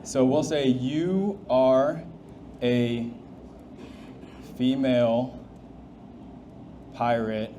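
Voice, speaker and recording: Casual man demoing software in an echoey hall. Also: medium pitch, steady tone, extremely slow, long pauses. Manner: casual, restarts often, thinks aloud. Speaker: presenter demoing AI agents. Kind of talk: live tech demo talk. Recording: echoey hall with faint noise.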